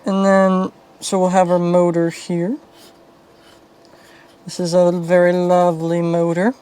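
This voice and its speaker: In a low-quality recording, a woman with a monotone, unhurried, warm, and smooth voice casually talks through fixing a fan's wiring at her bench. As the video's host, she keeps it low-key, thinking aloud and muttering while she works.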